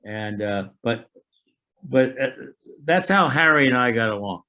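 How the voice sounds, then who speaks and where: A man in his eighties telling an oral history of his army years, a halting storyteller who restarts often and acts out remembered dialogue. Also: medium pitch, lively intonation, bright, forceful tone, lo-fi sound. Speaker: veteran interviewee.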